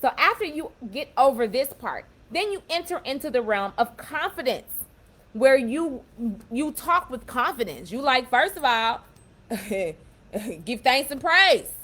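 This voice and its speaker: A young woman with a fairly high voice gives a casual motivational talk to her viewers. She speaks with warm emphasis and repeats or restarts phrases as she works through her points. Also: big pitch swings, a little slow. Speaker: self-empowerment speaker.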